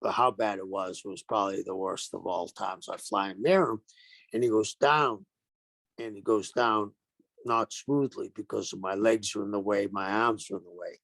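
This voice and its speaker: An older man, a retired pro wrestler, telling animated stories in an interview and acting out the quotes. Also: lowish voice, moderate pace, gravelly, dry recording. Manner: animated anecdotes with acted-out quotes. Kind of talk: storytelling interview.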